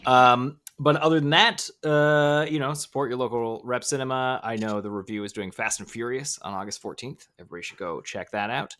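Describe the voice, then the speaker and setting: A man's voice: medium pitch, fairly quick, hardly any pauses, sharp tone, clear, resonant tone. A man who is a regular on a podcast, chatting casually with dry, teasing humor. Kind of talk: casual chat.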